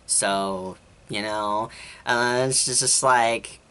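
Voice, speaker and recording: A vlogger with a mid-range, steady, clear, and resonant voice, sharp in tone and drawing out words, delivers a casual storytime rant. The long story rambles with exasperation and quotes both sides of an argument.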